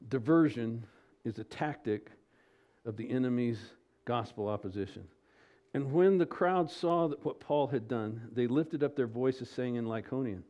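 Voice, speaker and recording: A man preaching an expository sermon as pastor, asking rhetorical questions, his pitch and loudness rising and falling. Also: unhurried, highs cut off.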